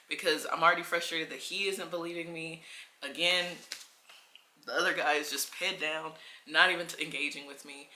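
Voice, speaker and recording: A woman vlogger telling a personal story in a casual, animated way, full of filler words. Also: low-pitched, quick pace, reverberant, slight background noise. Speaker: travel vlogger.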